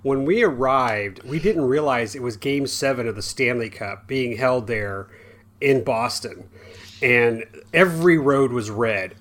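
A man co-hosting a casual podcast, telling a story with animated laughter. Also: medium pitch. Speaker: podcast co-host. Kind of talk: casual chat.

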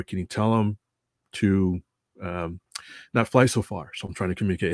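A man's voice: on the low side, normal speed, no echo, clean studio sound. A man telling a casual story about announcing at a model airplane show. He rambles, corrects himself often and chuckles as he goes.

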